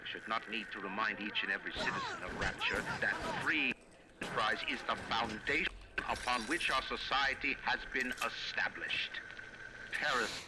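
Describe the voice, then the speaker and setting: A man's voice: fairly low pitch, moderate pace, natural voice. An actor playing a stern, authoritarian male announcer making an official public address in a video game. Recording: game audio under loud noise.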